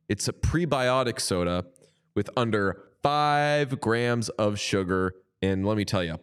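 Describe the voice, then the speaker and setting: A man's voice: mid-range voice, clear, resonant tone. Playful young man riffing on a podcast. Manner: playful, quick riffing with bursts of excitement. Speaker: podcast co-host. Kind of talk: casual chat and ad read.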